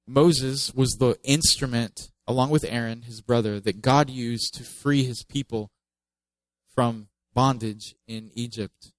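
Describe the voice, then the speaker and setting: A man's voice: mid-range voice, no room sound, rough recording. A man preaching a sermon in a conversational way, reading scripture aloud with emphasis and adding joking asides. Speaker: pastor.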